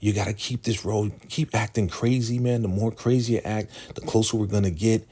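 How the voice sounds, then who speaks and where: A man's voice: fairly low pitch, fairly even intonation, fairly quick, dark tone, husky, voice pushed up. A man voicing a scheming woman who coaxes and placates in a raised voice. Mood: urging. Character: scheming calm woman soothing a madman.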